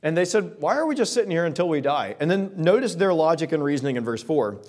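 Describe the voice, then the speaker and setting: Guy preaching a sermon, voice on the high side, chatty retelling of bible stories. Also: very animated, a little mellow. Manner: expository preaching, paraphrasing scripture in casual modern words; reads King James verses slowly and solemnly. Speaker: pastor.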